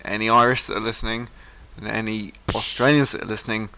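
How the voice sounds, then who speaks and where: A man's voice: on the low side, level tone, quick pace, pushed and bright, slight background noise. A British man rambling through a recorded message he sent in as a listener, chatty and self-deprecating.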